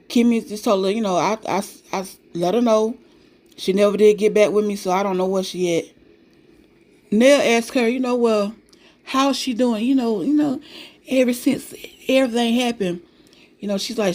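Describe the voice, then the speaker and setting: A woman's voice: mid-range voice, normal speed. Sassy woman recapping reality TV. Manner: sassy, animated, talks straight to viewers with slang. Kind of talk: casual opinionated recap commentary.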